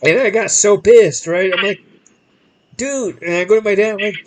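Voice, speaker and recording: A man's voice: high voice, normal speed, slight background noise, poor audio. A man hosting a podcast, telling a long story in casual chat and acting out the people in it with changing voices, often restarting his sentences. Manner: animated, acts out quoted people in different voices; rambling with frequent restarts. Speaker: podcast host.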